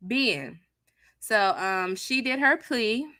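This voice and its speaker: A woman hosting a live stream, chatting with her viewers in a sassy, casual way with a soft, near-whispered delivery on a close mic. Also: medium pitch, lively intonation, measured pace, no room sound. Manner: chatty, sassy, talks to chat as "child" and "honey". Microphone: new close studio mic.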